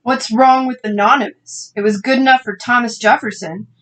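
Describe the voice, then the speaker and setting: A man's voice: very high-pitched, fairly even intonation, moderate pace, a bit bright, pitched above the performer's own voice. A man doing a sarcastic teenage boy. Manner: mocking and cheeky.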